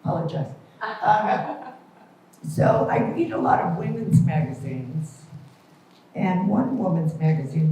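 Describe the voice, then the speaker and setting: A woman's voice: sits low, very animated, a little slow, long pauses, warm tone. A middle-aged woman performing a stand-up comedy set at a club, self-deprecating and wry. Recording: echoey, distant, muffled room recording.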